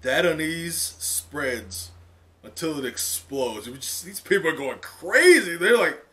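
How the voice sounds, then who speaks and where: A man reacting live to a comic chapter in casual, excited talk full of "like" and laughs. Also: on the high side, measured pace. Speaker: manga reaction streamer.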